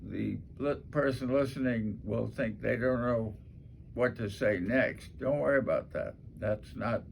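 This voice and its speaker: A man teaching voice and speaking skills in a measured, unhurried way, pausing often and saying "uh" between phrases. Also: mid-range voice, creaky, slight background noise. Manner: slow, measured, with long pauses and filler uhs. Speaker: speech coach. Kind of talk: casual teaching talk.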